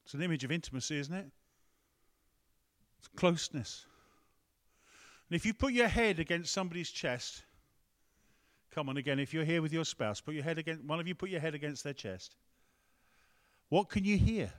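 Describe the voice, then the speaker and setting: A man's voice: a little high, lively intonation, moderate pace, pauses often. A man preaching a conversational sermon, breaking off to ask the room and the tech team for help. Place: church hall with a screen.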